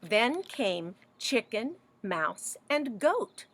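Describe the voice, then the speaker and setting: A woman librarian reading a picture book aloud to children, animated and asking them questions as she goes. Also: on the high side, drawn-out words, no room sound. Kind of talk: children's story read-aloud.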